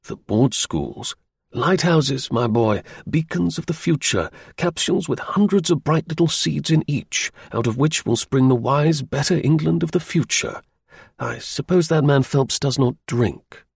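A man voicing a sharp, aloof male detective who speaks in a measured, lecturing way, in a husky, gravelly voice. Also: a little high, lively intonation, dry recording, pitched above the performer's own voice, heavily acted. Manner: measured, explaining, a little dry.

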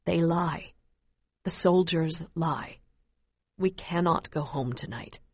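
A woman reading the lines of a gentle, grieving father, speaking softly and slowly in a lowered voice. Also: no echo, clean studio sound, exaggerated voice. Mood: gentle, sorrowful. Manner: soft, slow, lowered voice. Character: gentle, sorrowful father on a refugee march.

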